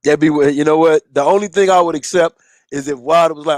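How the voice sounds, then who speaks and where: A man's voice: a little high, quick pace, darkish tone, no echo. A man co-hosting a boxing talk show, joking and laughing, often stammering as he restarts. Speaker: boxing podcast co-host. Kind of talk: casual profane chat.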